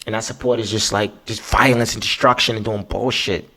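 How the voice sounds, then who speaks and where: A man's voice: lowish voice, steady tone, brisk, pushed and bright. A man hosting a podcast, talking alone in a loose, profane, emphatic way and often tagging his points with "right?". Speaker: podcast host. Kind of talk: casual monologue.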